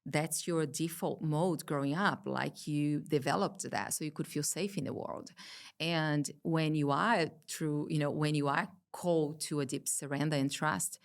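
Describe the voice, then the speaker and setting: Woman guest, low and gravelly, earnest, lively when quoting herself. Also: measured pace. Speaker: podcast guest. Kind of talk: casual spiritual conversation.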